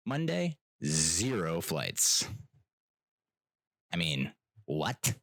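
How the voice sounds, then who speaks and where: A young adult man, hosting a podcast and telling an exasperated, animated story that mimics other people. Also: fairly low pitch, slow, pauses often, no room sound. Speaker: podcast host. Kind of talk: casual ranting monologue.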